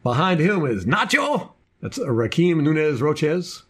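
A man's voice: fairly high pitch, very animated, measured pace, fairly bright tone, breathy edge. A man co-hosting a casual sports podcast, running through a team depth chart with jokey asides. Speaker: podcast co-host.

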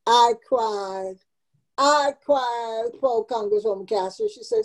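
A woman's voice: on the high side, slow pace, a little mellow, low-quality recording. A woman in her seventies, a community founder, telling her life story in an interview with earnest, emotional emphasis. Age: 70s.

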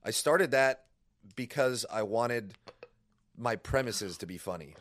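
A man who is a comedian guest on a podcast, talking in a dry, deadpan way. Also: mid-range voice, unhurried, no echo. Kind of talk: casual comedy podcast chat.

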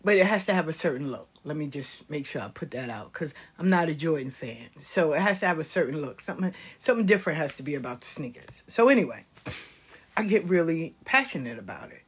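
A middle-aged woman sharing life lessons in a passionate, animated monologue, dropping into whispered asides. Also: low voice, fast, slightly rough. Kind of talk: conversational monologue.

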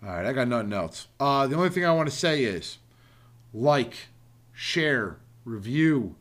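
Rambling, profane podcast host. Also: male voice, mid-range voice, lively intonation, measured pace, a bit bright. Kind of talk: casual podcast chat.

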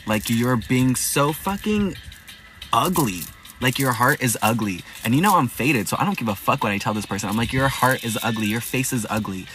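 A young man hosting a podcast, retelling a night out in a loud, profane, dramatic way. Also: mid-range voice, quick pace, hardly any pauses, a little hiss or hum. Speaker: podcast host. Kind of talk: casual storytelling podcast.

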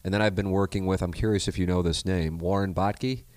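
A man's voice: sits low, fairly even intonation, fairly quick, darkish tone. A man hosting a casual chat, telling stories animatedly and laughing often. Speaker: podcast host.

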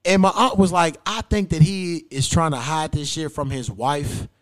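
A young man hosting a podcast, telling a long personal story in casual, profane chat and acting out quotes loudly. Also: a little high, moderate pace. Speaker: podcast host.

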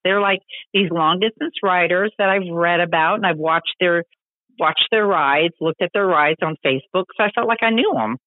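A woman telling stories as a podcast guest, animated and chatty, acting out the voices of people she quotes. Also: on the low side, normal speed, dry recording. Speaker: podcast guest, long-distance motorcycle rider. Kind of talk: casual storytelling interview. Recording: tinny phone-like line, dry.

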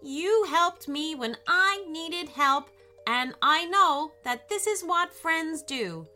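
A woman voicing a small, gentle, loyal male robot in a storybook reading, with a slightly crackly voice. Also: high-pitched, animated, takes it slowly, faint music behind, voice pushed up, heavily acted. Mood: earnest. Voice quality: crackly like a broken television.

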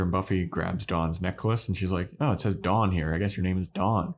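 A man co-hosting a podcast, chatting casually and acting out characters' lines in quick put-on voices. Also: deep voice, steady tone, slight background noise. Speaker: podcast co-host. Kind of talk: casual chat recapping an episode.

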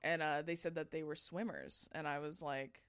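Podcast host, woman, bright voice, casual, storytelling with quoted dialogue. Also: low-pitched, fairly even intonation, moderate pace, clear, resonant tone. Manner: laughs often, tells stories with quoted dialogue. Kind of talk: casual chat.

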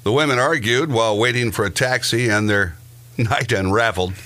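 A man's voice: medium pitch, normal speed, bright, forceful tone. A man co-hosting a podcast, chatting casually, reading out odd news items with dry asides and chuckles. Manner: dry, laughs at his own asides. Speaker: podcast co-host.

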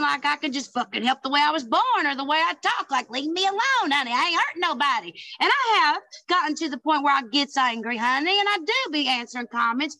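A sassy Southern woman chatting as a podcast guest, her voice high and bright. She tells stories with lots of swearing and sprinkles "honey" through every sentence. The sound is close and dry. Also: no echo. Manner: sassy, calls people honey and girl; swears freely, animated storytelling. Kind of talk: casual chat.

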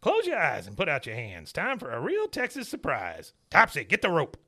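Man doing a bossy crotchety old dad, raised gruff voice, barks orders, bright edge. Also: a little high, wildly swooping pitch, moderate pace, pitched above the performer's own voice, exaggerated voice.

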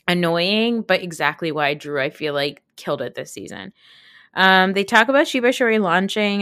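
Woman podcast host, lowish voice, dry close mic, chatty reality-TV recap with fillers. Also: a bit bright, dry recording. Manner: chatty, lots of fillers, quick asides.

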